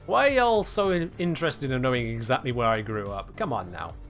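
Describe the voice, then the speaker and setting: A man's voice: medium pitch, very animated, a little fast, a bit bright, soft background music. A British man chatting casually with his viewers on a game live stream, answering chat with wry humor. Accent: British English. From United Kingdom.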